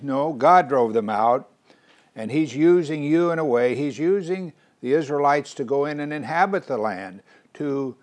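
Older man preaching in an earnest, animated way, firing off questions. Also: a little high, moderate pace. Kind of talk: sermon.

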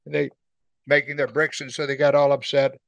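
A man's voice: mid-range voice, level tone, fairly quick, creaky, dry recording. A man leading a Bible study, reading scripture aloud and explaining it in plain conversational talk, often asking his listeners questions. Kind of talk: verse-by-verse Bible teaching.

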